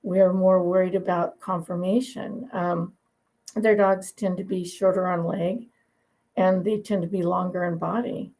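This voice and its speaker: A woman dog breeder tells her stories in a relaxed, opinionated interview. Her voice is gravelly and husky, with a grainy, rough texture. She talks in a chatty way and laughs easily. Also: fairly low pitch, unhurried, low-quality recording. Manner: chatty, opinionated, laughs while telling anecdotes. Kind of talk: conversational interview storytelling.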